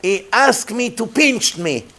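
A man, a rabbi, giving a Torah lecture in emphatic, animated style, dropping Hebrew phrases into non-native English. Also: extremely high pitch, slow, creaky.

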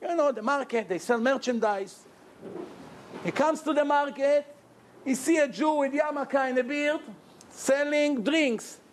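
A man telling a lively, joking story in a Torah lecture and acting out the characters as he goes. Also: extremely high pitch, a little slow, slight background noise. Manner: animated, jokey storyteller who acts out characters. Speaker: rabbi giving a Torah lecture. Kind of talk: storytelling sermon.

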